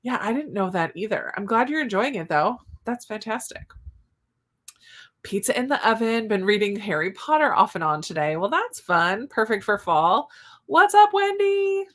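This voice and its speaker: A woman's voice: medium pitch, lively intonation, normal speed, fairly bright tone. A woman hosting a cozy reading-sprint livestream, chatting casually and reading out viewer comments with giggly asides. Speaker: booktube livestream host.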